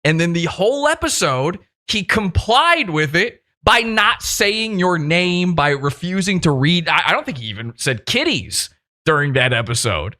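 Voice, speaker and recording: A man's voice: high-pitched, big pitch swings, normal speed, sharp tone. A man hosting a podcast interview, mocking and profane, laughing often as he talks. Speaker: podcast host. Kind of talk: casual interview.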